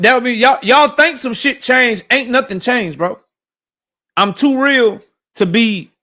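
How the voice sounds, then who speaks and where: A man's voice: sits high, sharp tone. A man hosting a casual boxing livestream, ranting animatedly and profanely while reading chat messages.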